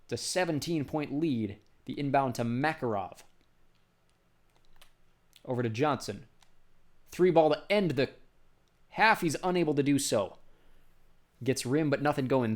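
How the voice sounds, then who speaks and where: Man, sports commentator, basketball play-by-play, medium pitch, clipped brisk calls, rises on big plays. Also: animated. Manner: brisk calling of each pass, voice jumps up on big shots.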